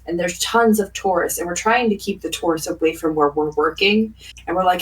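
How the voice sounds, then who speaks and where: A woman's voice: lowish voice, a little fast, recorded from a distance, poor audio. A woman guest on a podcast, chatting casually in long rambling stretches with frequent laughs and fillers. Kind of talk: casual chat.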